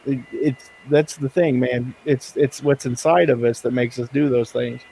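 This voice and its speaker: A man chatting casually as he works, rambling and chuckling through his points. His voice sits at an everyday middle pitch. He trips over his words and restarts often. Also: steady tone, normal speed, vocal fry, mellow, a little hiss or hum, poor audio. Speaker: streamer host. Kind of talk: casual chat while working. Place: indoors at a work desk.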